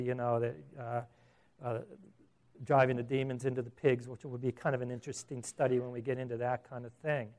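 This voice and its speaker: A male pastor preaching a sermon in an animated, conversational way, with rhetorical questions. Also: medium pitch.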